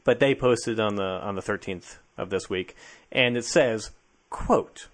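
A man's voice: lowish voice, unhurried. A man hosting a podcast, talking casually and conversationally, easily amused. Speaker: podcast host.

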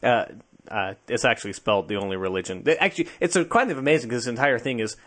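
Man, podcast host, casual chat, easily amused, mid-pitched. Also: animated, racing, fairly bright tone, breathy edge.

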